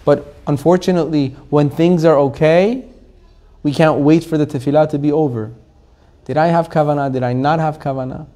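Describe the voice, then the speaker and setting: A man, a rabbi, teaching a Torah class to a live audience, animated, asking the room questions and laughing often. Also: on the high side, normal speed.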